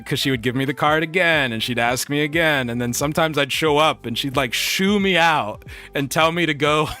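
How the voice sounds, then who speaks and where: Man, bright voice, casual streamer storytelling, animated, quick laughs. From United States. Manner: animated, laughs often, jumps up in pitch for quoted bits. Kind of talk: casual storytelling while reading chat.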